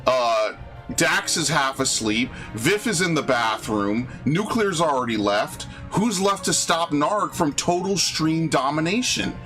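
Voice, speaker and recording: A man's voice: fairly high pitch, animated, unhurried, fairly bright tone, faint music behind. A man putting on the voice of a smug, gloating male chat regular in a game stream. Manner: gloating, mock-triumphant.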